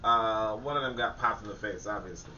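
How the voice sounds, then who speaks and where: A man's voice: on the low side, fairly quick, bright, forceful tone, a little hiss or hum. Rambling man, echoey distant recording. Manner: rambling, many fillers and restarts; preachy, repeats points for emphasis. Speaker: commentator and author. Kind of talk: casual monologue commentary. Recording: echoey, distant, dull lo-fi audio.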